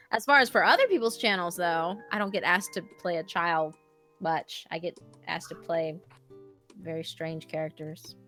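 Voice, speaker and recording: This is a chatty woman narrator talking casually on a panel. She sounds bubbly and quick to laugh, with plenty of ums. Faint music runs underneath. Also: lowish voice, sharp tone. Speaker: story narrator guest.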